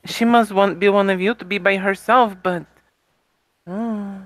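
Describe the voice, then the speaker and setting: A woman's voice: medium pitch, fairly even intonation, unhurried, no echo, natural voice. A woman voicing a teasing, formal Spanish woman at a night court, with a Spanish accent and slightly broken phrasing. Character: warm, teasing Spanish woman, old-world vampire courtier.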